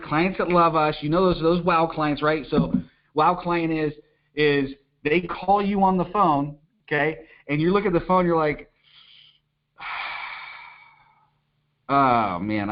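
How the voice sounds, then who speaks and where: Upbeat coach, "okay?" after every point. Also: male voice, on the high side. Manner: energetic, repeats "okay?" to check in, acts out little phone calls. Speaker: business coach. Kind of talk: coaching talk to an online audience. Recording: dull lo-fi audio.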